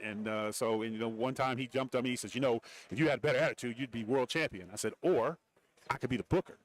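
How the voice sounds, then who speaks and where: The recording is dry, and the middle-aged man on it speaks fast in a mid-range voice. He's a radio guest in a radio row broadcast booth, a former wrestler and TV commentator, animatedly telling casual interview stories and acting out the voices of people he quotes.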